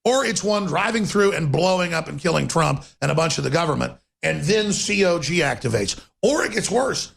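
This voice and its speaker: A male talk radio host rants in an emphatic, sarcastic monologue and speeds up in rapid bursts. His voice sits fairly high for a man and carries a rough, gravelly rasp with a husky edge. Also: expressive, fairly bright tone.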